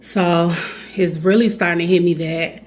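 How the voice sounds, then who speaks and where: Brief: thirties Chicago woman, casual vlog host, earnest and chatty, slightly low pitch, faint background noise. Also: steady tone, normal speed, a little mellow. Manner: earnest, chatty, addresses viewers as y'all. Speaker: vlogger.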